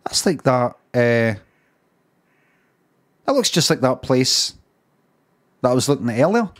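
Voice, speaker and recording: A man's voice: medium pitch, big pitch swings, a little slow. A Scottish man streaming, making dry, mumbling asides as he browses photos. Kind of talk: casual commentary while browsing photos.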